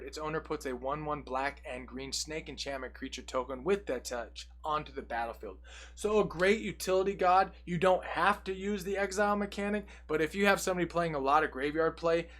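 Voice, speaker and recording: A man's voice: on the high side, a bit bright. Upbeat man reading out card text. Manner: reads card text aloud between quick, jokey asides. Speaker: deck tech presenter. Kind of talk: casual card-by-card deck walkthrough.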